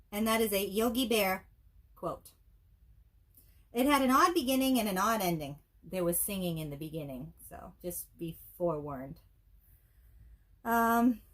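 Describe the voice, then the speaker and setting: A woman's voice: mid-range voice, a bit bright. A woman co-hosting a casual movie review show, with wry, dry joking asides. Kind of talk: casual chat.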